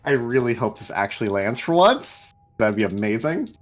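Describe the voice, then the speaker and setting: A man's voice: medium pitch, big pitch swings, normal speed. A man playing a tabletop game, chatting casually as a player.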